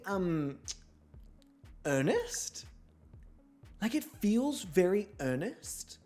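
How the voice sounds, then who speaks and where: Young man, gameplay commentary, campy and chatty, lively swooping pitch, soft music underneath. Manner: chatty, campy and self-mocking, swearing often. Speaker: host playing a model-show game.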